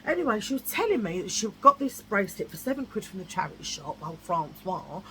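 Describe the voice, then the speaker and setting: A woman's voice: mid-range voice, big pitch swings, brisk, a bit bright, slight background noise, rough recording. Blunt, chatty woman vlogger. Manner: blunt, chatty, repeats herself for emphasis. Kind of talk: casual chat.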